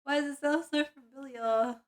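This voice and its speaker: A woman's voice: high-pitched, fairly even intonation, moderate pace. A woman streaming without sleep, drowsy and muttering to herself with bursts of giggling. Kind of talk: casual live-stream chatter.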